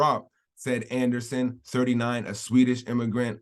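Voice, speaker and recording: A man doing off-the-cuff vlog commentary, reading lines from an article and then riffing on them at length. He rambles and restarts, doubles back to qualify what he said, and laughs often. His voice sits at an ordinary middle pitch for a man. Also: lively intonation, a little fast. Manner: rambling, repetitive, hedging, frequent laughs. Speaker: commentary vlogger. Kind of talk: casual commentary while reading out a news article.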